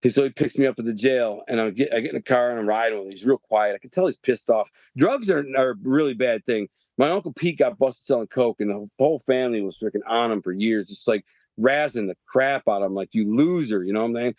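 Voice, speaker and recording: A middle-aged man from Detroit tells a long story as a podcast guest, jumping back and forth and restarting his sentences. His voice sits at a medium pitch. The recording is dry and a little dull. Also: fast talker, no room sound. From Detroit, Michigan. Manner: animated, rambling storyteller with frequent restarts. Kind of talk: storytelling interview.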